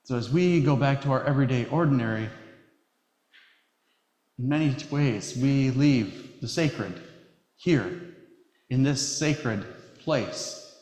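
Male pastor, sermon delivery, measured and emphatic, long church reverb. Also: medium pitch, darkish tone. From Wisconsin. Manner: measured and emphatic, slowing on key phrases. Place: church sanctuary. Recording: echoey hall reverb.

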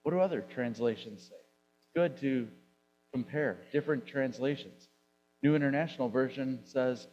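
A male pastor delivers a sermon in a conversational, mid-pitched voice, drawing out key words and asking rhetorical questions. The recording is muffled and lo-fi, with a faint hum beneath it. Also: normal speed, a little mellow. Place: church sanctuary.

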